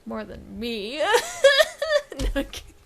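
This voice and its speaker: Bright giggly woman podcaster. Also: fairly high pitch, animated, moderate pace, slight background noise. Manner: giggly, laughs often. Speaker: podcast co-host. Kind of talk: casual chat.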